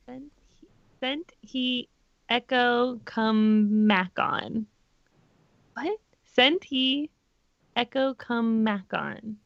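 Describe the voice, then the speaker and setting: A woman chatting casually in a party word game, slowly repeating a puzzle phrase. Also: on the high side, vocal fry, no echo, dull audio. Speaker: game player. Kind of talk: casual chat.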